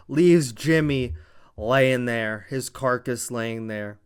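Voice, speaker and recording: Man, casual wrestling recap, dramatic storytelling, swears now and then, smooth resonant voice, mid pitch. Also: drawn-out words. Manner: dramatic storytelling recap, acting out quotes, profane asides. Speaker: wrestling commentary vlogger.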